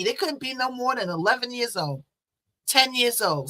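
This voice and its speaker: A woman's voice: a little high, very animated, moderate pace, sharp tone. A woman host chatting through a news case in a casual, conversational way, full of rhetorical asides.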